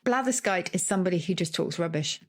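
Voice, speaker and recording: A woman's voice: lowish voice, lively intonation, quick pace. A woman co-hosting a podcast in casual chat, explaining word origins and laughing easily. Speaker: podcast co-host.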